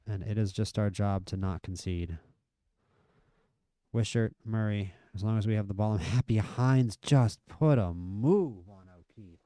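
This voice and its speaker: Guy streaming a football sim live, low mellow voice, smooth and dry, gets hyped on chances. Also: measured pace, dry recording. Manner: chatty, excitable at near misses and goals. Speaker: game streamer. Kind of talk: live gameplay commentary.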